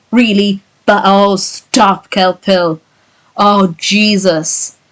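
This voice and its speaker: Woman streamer, tired and sore-voiced, slow and profane in casual chat. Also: mid-range voice, low-quality recording. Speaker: streamer reading a story.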